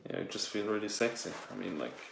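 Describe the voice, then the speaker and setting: A man's voice: on the low side, fast talker, vocal fry, a little hiss or hum. A man playing a vain, gushing toilet paper fashion persona in a campy improvised comedy sketch at home. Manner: campy, breathless, gushing over his look. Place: home indoors. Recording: echoey room.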